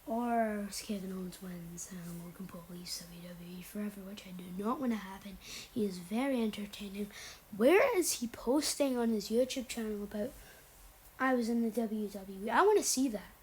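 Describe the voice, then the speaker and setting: Young woman, casual rambling chat, frequent whispering, blunt, mid pitch. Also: moderate pace, breathy edge, rough recording. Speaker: wrestling predictions vlogger.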